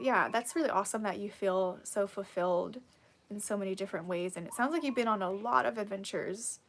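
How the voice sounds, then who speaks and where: A woman's voice: mid-range voice, a little hiss or hum. Sleepy, encouraging woman streamer. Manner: warm and encouraging, laughs and sighs often. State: sleepy, yawning. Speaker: live stream host. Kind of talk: casual live chat, reading viewer comments.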